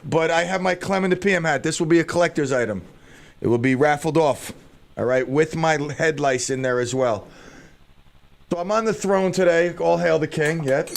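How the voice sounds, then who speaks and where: Fiddling with his studio equipment, a middle-aged man on the radio muses out loud in a slightly high, creaky voice at a normal pace. His talk is loose and scattered, full of jokes at his own expense.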